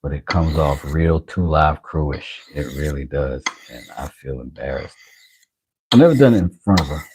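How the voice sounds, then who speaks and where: A man's voice: very deep voice, lively intonation, normal speed, darkish tone, breathy edge, dry recording. A man hosting a knife-sharpening livestream, chatting casually and self-deprecatingly with viewers. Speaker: knife-sharpening channel host.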